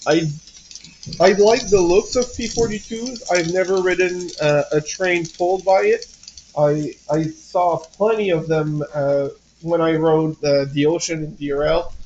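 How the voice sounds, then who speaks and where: A man's voice: fairly high pitch, unhurried, a little mellow, muffled recording, slight background noise. A man with a French Canadian accent, hosting a casual model train livestream from home, rambling with lots of fillers and restarts. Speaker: livestream host.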